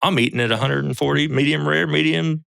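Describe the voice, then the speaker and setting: A man's voice: a little high, brisk, creaky, no room sound. A man, a podcast guest, telling a story in casual chat, acting out other people's lines and swearing freely. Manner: animated storyteller acting out quotes in raised voices. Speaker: podcast guest, survival show veteran.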